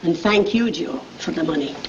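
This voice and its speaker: An actress playing a stern but loving old Irish grandmother with an Irish accent, scolding and brisk, in 1930s film acting. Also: lowish voice, animated, lightly acted. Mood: fussing. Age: older. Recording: hissy, muffled 1930s film soundtrack.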